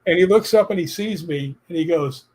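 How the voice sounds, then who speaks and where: Man telling lively personal stories. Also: high voice, a little fast. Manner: animated, laughs while telling stories. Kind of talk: casual storytelling chat.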